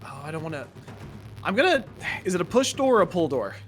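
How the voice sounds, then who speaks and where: A man with a fairly high voice plays a tabletop game, pausing with ums as he works out his moves. Music is clearly audible under him. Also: sing-song, a bit bright. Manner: hesitant, full of ums and questions. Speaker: player.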